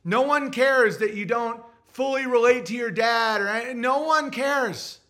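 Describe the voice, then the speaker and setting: A man with a high voice and a bright, sharp tone hosts his livestream. He talks in a blunt, crude, lecturing rant aimed at his viewers. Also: measured pace. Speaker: livestream host. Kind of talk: ranting livestream monologue.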